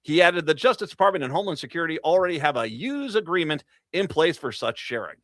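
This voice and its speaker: A man's voice: a little high, big pitch swings, quick pace, fairly bright tone, dry recording. A man hosting a political talk radio show, reading news stories and breaking into sarcastic, mocking asides with laughs.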